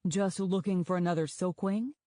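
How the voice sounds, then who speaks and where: A bossy, suspicious male dragon snaps and bickers in a storybook reading, as a woman plays him. He sounds petulant and quick to argue. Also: fairly low pitch, steady tone, no room sound, clean studio sound, natural voice. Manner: suspicious, snappish, shouting.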